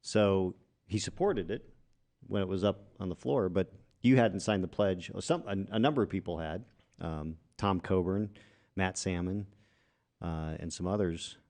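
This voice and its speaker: A man's voice: sits low, normal speed, a little mellow. A man hosting a casual interview podcast, adding names and facts in a conversational way. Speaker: podcast host.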